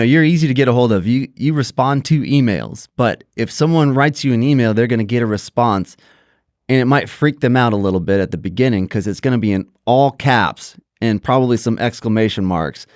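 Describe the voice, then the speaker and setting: A man's voice: mid-range voice, no room sound, clean studio sound. A man co-hosting a podcast, asking questions in a joking, easygoing chat. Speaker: podcast co-host. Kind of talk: casual interview chat.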